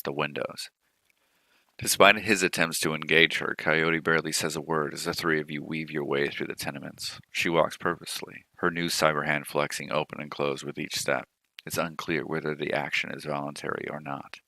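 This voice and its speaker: A man hosting a game playthrough, reading the on-screen story text aloud in steady storybook-style narration. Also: rumbling low, vocal fry, no room sound. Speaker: let's play host.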